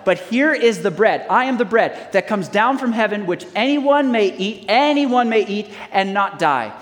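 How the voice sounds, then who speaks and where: A man with a notably high voice preaches a sermon, reading scripture and asking the congregation to call out answers. His voice rings with the long reverb of a large hall. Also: animated, moderate pace. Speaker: pastor.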